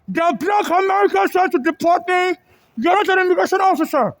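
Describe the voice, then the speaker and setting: Very high voice, agitated and repetitive, phone recording in a ferry terminal. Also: normal speed, vocal fry, no room sound. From Nigeria. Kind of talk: filming a confrontation, then a rambling monologue. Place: indoor public ferry terminal.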